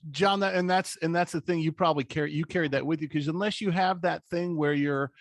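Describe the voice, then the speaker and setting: A man hosting a podcast, chatting casually with quick asides and halting restarts. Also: on the high side, no echo, studio quality. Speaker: podcast host. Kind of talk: casual chat.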